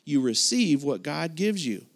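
A middle-aged male preacher delivering a sermon in an animated storytelling way. He acts out quotes and reactions as he goes, with a voice pitched a little above the usual for a man. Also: a little slow.

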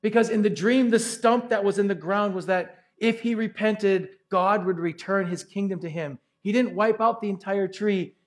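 Brief: man, pastor, light high voice, conversational lively sermon delivery. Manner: conversational, animated preaching with asides.

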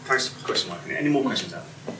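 A man's voice: medium pitch, expressive, racing, a crowd in the background. Man hosting a stage interview in a hall. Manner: enthusiastic fan, many fillers and restarts. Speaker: host. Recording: echoey hall, distant mic, audible noise.

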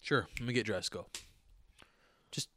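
A man telling stories in casual podcast chat, profane and animated, acting out what people said. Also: on the low side, a little slow, no room sound. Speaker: podcast co-host.

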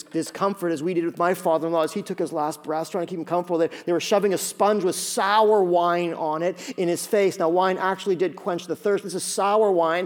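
Man, pastor, sermon, high-pitched, dramatic delivery, hushed passages. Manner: dramatic, acts out quoted voices, drops to hushed tones.

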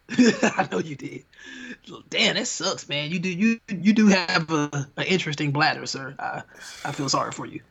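A man's voice: a little high, moderate pace, gravelly, a bit bright, husky. A young adult man co-hosting a podcast in a casual, laid-back, slangy way. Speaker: podcast co-host. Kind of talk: casual chat.

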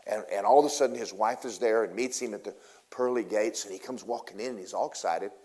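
A man preaching a sermon in a casual, folksy way, telling a story and swinging between loud bursts and hushed asides. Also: on the low side, quick pace.

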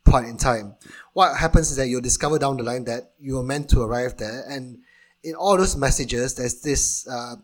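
A man's voice: medium pitch, moderate pace. Rambling man explaining games. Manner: eager, rambling, many restarts. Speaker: podcast co-host. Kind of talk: casual film news chat.

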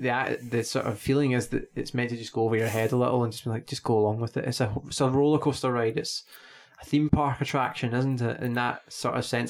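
A man in a casual film-critique chat, laid-back and wry, thinking aloud as he talks. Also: medium pitch. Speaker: podcast co-host.

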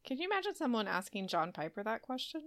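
A woman co-hosting a podcast over a video call, chatting in an animated, exasperated way. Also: on the high side, fast. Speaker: podcast co-host. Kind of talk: casual chat.

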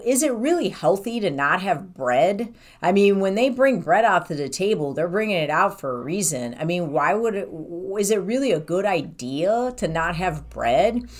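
A woman talking casually about her own life, rambling and candid. She acts out what she and others said. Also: fairly low pitch. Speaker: professional who sees clients in an office. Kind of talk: casual personal storytelling.

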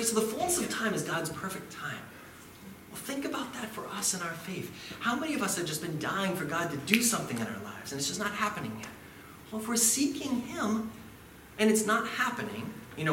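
A man preaching a conversational sermon as pastor, with lively asides and acted-out quotes. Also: sits high, background noise. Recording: echoey room, voice from a distance.

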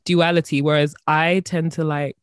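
A chatty woman hosts a relaxed podcast interview, filling her sentences with "like" and "you know". Her voice sounds dry and close to the mic, with no room echo. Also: low voice, normal speed, clear, resonant tone. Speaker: podcast host. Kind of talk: casual conversational interview.

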